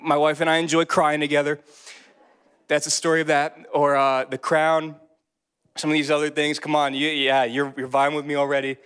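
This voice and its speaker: A man's voice: level tone, normal speed, a bit bright, clean tone. A young man giving a casual, conversational sermon as a young adult ministry leader. His delivery grows more emphatic when he reads scripture. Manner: casual and conversational, rising in pitch when preaching.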